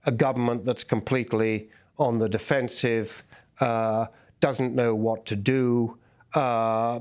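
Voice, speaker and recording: A male correspondent speaks on a news programme at a middling pitch. He explains things in a measured way and keeps stopping on ums and uhs while he gathers his thoughts. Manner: reporting in a measured way with many fillers. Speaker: foreign correspondent. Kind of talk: news interview.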